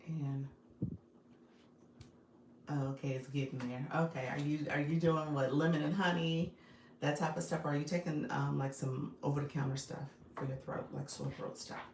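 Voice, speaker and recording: A woman's voice: low-pitched, fairly even intonation, normal speed, darkish tone, reverberant, slight background noise. A woman hosting a casual live stream from her phone, chatting with viewers, greeting them by name and laughing often. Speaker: live-stream host and business coach.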